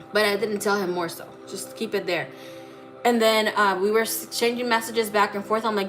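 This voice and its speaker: A woman's voice: mid-range voice, steady tone, brisk. A woman reading tarot, telling a personal story in a blunt, profane way and acting out the dialogue. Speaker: psychic tarot reader. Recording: clear music playing under voice. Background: music.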